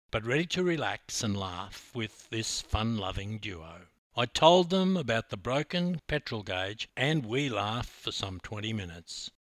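A man's voice: on the low side, fairly bright tone, dry recording. A man from Queensland with an Australian accent, narrating a personal story as a podcast host in an emphatic, dramatic way.

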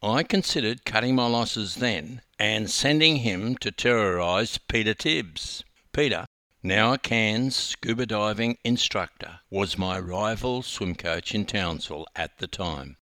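An older Australian man, a former swim coach, reading his own memoir aloud with wry, animated storytelling. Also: on the low side, a little slow, no room sound, studio quality.

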